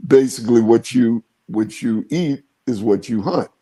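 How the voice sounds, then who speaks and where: A man's voice: medium pitch, unhurried, warm tone, slightly rough. A man in his seventies, a veteran car dealer, telling stories and giving advice in folksy, colloquial casual talk. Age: 70s.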